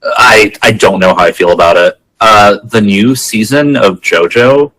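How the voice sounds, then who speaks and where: Low-voiced, laid-back podcast man. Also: measured pace, a bit bright, rough recording. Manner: hesitant, stumbling restarts, laid-back. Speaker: podcast co-host. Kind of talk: casual chat.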